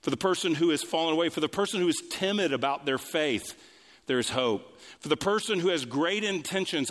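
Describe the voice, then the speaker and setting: A male pastor delivering a sermon, building lines through repetition and swinging between raised and hushed delivery. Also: expressive. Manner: preaching with sweeping pitch swings, quick asides and repetition. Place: church sanctuary. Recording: long reverb of a large hall.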